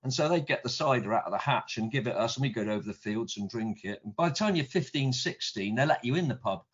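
A man's voice: medium pitch, animated, fast talker, breathy edge. A middle-aged man with a British accent, winding through stories in easygoing conversation, stumbling over repeated words. The recording is dull and lo-fi, with a muffled top end. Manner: rambling, repeats words, mild swearing. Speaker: guest. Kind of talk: casual anecdote telling.

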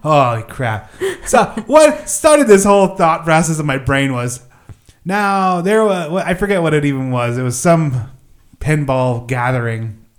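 A man's voice: on the high side, expressive, unhurried. A man hosting a casual podcast, rambling and self-mocking, laughing often. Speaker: podcast host. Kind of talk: casual chat.

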